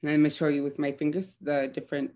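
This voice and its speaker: A young woman teaching throat singing in a gentle, hesitant way, with many fillers. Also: low-pitched, little pitch movement, quick pace. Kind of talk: casual spoken lesson with demonstrations.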